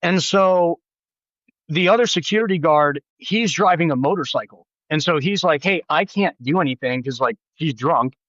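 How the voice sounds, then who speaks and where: A man in his thirties, a podcast guest telling a story in casual chat, animated and acting out quoted voices with big pitch jumps. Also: normal speed, dry recording, highs cut off.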